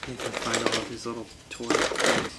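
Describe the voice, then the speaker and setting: A man's voice: medium pitch, monotone, normal speed, very noisy. A man co-hosting a casual comedy chat, amused and giggly as he reads toy cards aloud. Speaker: co-host.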